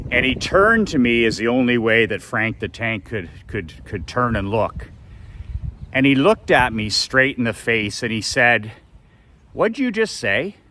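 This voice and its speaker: A man telling a personal story in an unhurried, reflective way, often repeating words. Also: mid-range voice, noisy background.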